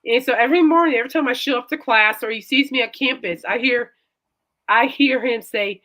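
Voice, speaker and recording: A woman's voice: a little high, fairly quick, fairly bright tone. A woman hosting a casual chat show, rambling and laughing often. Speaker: host.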